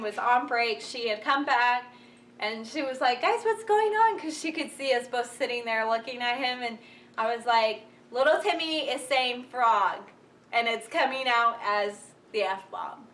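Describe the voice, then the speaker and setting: A woman's voice: fairly high pitch, a little slow, fairly bright tone. Chatty young woman, slightly distant mic. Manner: chatty, laughs often, acts out quoted voices. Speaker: vlogger. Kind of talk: casual storytelling while folding laundry. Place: home room. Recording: slightly distant mic with faint room noise.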